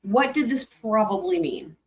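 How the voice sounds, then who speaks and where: Animated, rambling woman chatting with her viewers. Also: mid-range voice, unhurried. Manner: animated, rambling, swears freely, laughs often. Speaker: livestream host. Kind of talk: casual livestream chat with viewers.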